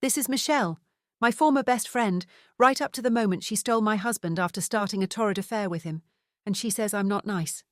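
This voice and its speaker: A woman's voice: medium pitch, fairly quick, no echo, studio quality, lightly acted. A woman voicing a sarcastic, clipped-spoken woman nearing fifty. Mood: furious. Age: late 40s. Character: sharp-tongued nearly fifty woman investigator.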